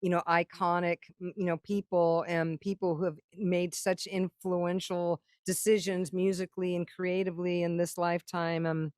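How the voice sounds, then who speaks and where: A middle-aged woman, a songwriter and keynote guest, telling a story in casual talk. She is animated, swears freely and acts out what other people said. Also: fairly low pitch, normal speed, hardly any pauses, no room sound, clean studio sound.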